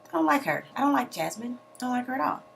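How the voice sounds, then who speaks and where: A young woman recapping a reality TV episode in a sassy, animated way, full of slangy asides and mock outrage. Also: on the high side, fast talker, creaky. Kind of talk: casual recap commentary.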